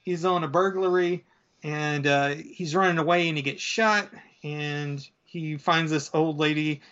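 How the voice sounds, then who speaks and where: A man's voice: on the high side, fairly even intonation, unhurried, a bit bright. A man casually retelling a comic book story, rambling with lots of fillers and acting out bits. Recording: dull lo-fi sound.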